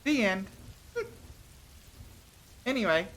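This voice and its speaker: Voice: medium pitch, expressive, extremely slow, fairly bright tone. A streamer telling short stories on a casual livestream, hesitant with many ums and restarts, laughing between thoughts.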